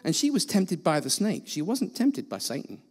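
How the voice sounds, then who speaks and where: A man's voice: high-pitched, huge pitch swings, moderate pace, slightly rough, long reverb tail. A man preaching a sermon as a guest speaker in a church, blunt and self-mocking in his delivery. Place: church hall.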